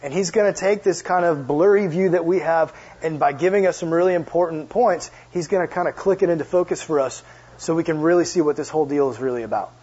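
A young youth pastor preaches to a youth group in a casual, joking storytelling style, often turning to ask the audience questions and making jokey asides. His fairly high voice is quick, mellow and husky, on a dull lo-fi recording.

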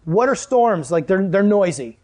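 High-voiced, jokey man preaching. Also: a little slow. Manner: animated, jokey, laughs often. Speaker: pastor. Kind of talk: sermon.

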